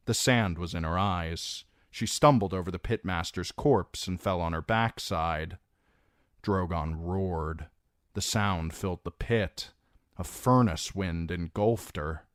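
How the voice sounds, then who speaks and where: Male narrator for a fantasy audiobook: deep, unhurried, dramatic delivery, dry close sound. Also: no room sound. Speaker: audiobook reader.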